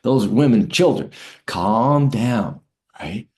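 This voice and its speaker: A man voicing a steady army sergeant who calms a panicked soldier with firm, reassuring commands. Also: mid-range voice, moderate pace, voice pushed up. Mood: firm, soothing.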